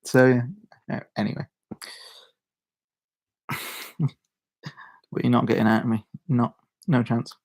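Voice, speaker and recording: This young man from Shropshire, England, a YouTuber with a local accent, chats casually with his channel's viewers. His mid-range voice is flat, slow, and creaky, and he pauses often, rambling, cutting himself off, and chuckling a lot.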